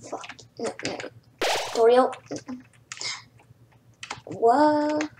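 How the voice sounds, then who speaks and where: A young, high-voiced gamer talks through a game at an unhurried pace, chatty, apologetic and quick to swear. The desk-mic sound is roomy and echoey, with game music running underneath. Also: steady tone, noisy background. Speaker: gameplay commentator. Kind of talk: let's play commentary.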